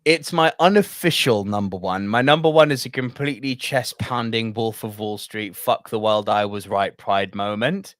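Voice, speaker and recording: A young man co-hosting a casual podcast, talking in an animated, emphatic way with plenty of swearing. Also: on the low side, normal speed, hardly any pauses, no room sound, clean studio sound. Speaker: podcast co-host.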